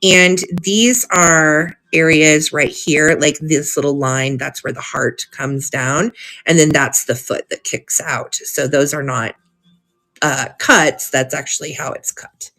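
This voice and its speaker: A woman's voice: low-pitched, fairly even intonation, takes it slowly, fairly bright tone. Gushing, chatty woman hosting a sale. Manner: chatty and gushing, often giggling. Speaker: host of a live vintage sale. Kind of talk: casual live-sale chat, reading old cards aloud.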